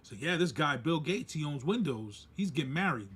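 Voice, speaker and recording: A man, co-hosting a podcast and telling a story casually, animated and laughing as he acts out quoted voices. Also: fairly high pitch, a little fast, slightly rough. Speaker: podcast co-host.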